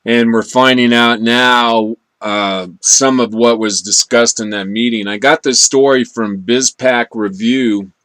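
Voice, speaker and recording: A man's voice: mid-range voice, steady tone, unhurried, few pauses, fairly bright tone, no echo. Stammering enthusiastic male host. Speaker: show host. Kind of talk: casual political commentary.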